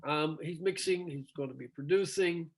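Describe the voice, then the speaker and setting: Lively, storytelling male rock singer. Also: a little high, moderate pace. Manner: animated storyteller, acts out quoted dialogue, laughs often. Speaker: singer, interview guest. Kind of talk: casual storytelling interview.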